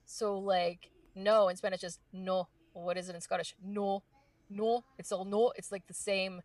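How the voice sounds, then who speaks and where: A woman voice actress being interviewed, chatting casually and fast with lots of fillers and restarts. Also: fairly low pitch, little pitch movement, darkish tone, dry recording, recorded from a distance. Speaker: voice actress guest.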